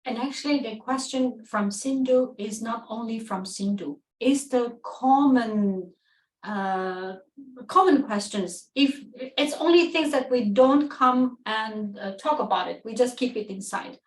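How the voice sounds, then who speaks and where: Enthusiastic high-voiced woman hosting a webinar. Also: measured pace, echoey room, far from the mic, low-quality recording. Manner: enthusiastic, acts out quoted dialogue, laughs often. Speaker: webinar co-host. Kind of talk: webinar talk.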